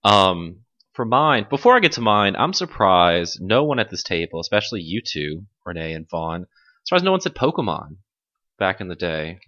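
A man's voice: low-pitched, very animated, moderate pace, pushed and bright, dull audio. A man hosting a podcast, casually chatting with his guests and asking them questions. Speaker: podcast host. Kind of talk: casual chat.

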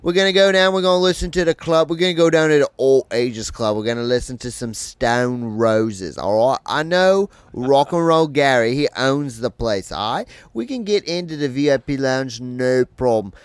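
A man's voice: medium pitch, normal speed, hardly any pauses, clear, resonant tone, dry recording, natural voice. A man putting on a blustery mock Manchester English accent, playing a rowdy bloke bragging about proper pints. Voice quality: blustery, pushy.

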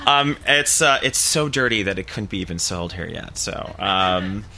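A man author introducing his story at a live reading, halting with many fillers. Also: sits low, lively intonation, vocal fry, sharp tone, a little hiss or hum. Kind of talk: casual remarks before a reading.

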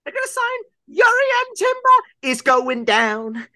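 A wailing Liverpool football pundit. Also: male voice, big pitch swings, measured pace, pushed and bright, dry recording, heavily acted. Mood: anguished. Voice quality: shrill, wailing, near sobbing. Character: anguished Liverpool football pundit, middle-aged man.

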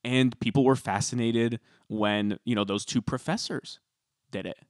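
A man co-hosting a podcast, chatting casually and telling stories with animated emphasis. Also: medium pitch, moderate pace, no echo, clean studio sound. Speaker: podcast co-host.

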